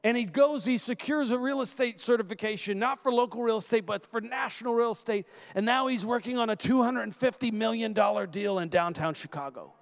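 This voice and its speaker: A guest minister with a strikingly high voice tells stories from the pulpit. His delivery is animated, full of quick restarts and repeated words, moving into prophecy. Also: vocal fry. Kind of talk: sermon with storytelling and prophecy.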